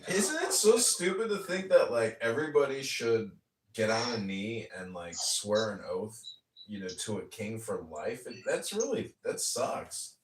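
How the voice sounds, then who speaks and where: Podcast host, male, casual and sneering, big swings in pitch, roomy echo. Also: a little slow. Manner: animated, mocking, swears freely. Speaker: podcast host and political candidate. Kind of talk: casual chat. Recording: echoey room, mic at a distance.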